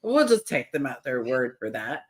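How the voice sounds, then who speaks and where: A woman hosting a podcast in casual chat, telling stories with animated quoted voices. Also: rumbling low, normal speed. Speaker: podcast host.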